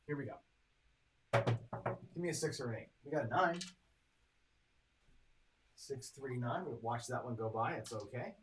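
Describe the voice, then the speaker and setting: A man's voice: medium pitch, moderate pace, long pauses, background noise. A man hosting a live craps stream, chatting casually as he calls each roll and totals up his bets for viewers. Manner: chatty, reads dice rolls and tallies bets aloud; talks to chat viewers directly. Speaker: craps strategy host.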